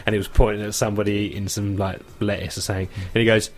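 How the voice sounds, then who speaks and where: A man's voice: on the low side, rapid-fire. A man with a British accent co-hosting a comedy radio show, chatting casually and laughing often. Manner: laughs often, animated, tells funny stories. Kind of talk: casual banter. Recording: radio studio.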